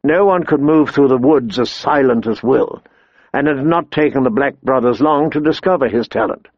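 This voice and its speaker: A man reading an audiobook in a measured storytelling manner. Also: medium pitch, no echo, lo-fi sound. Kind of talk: audiobook narration.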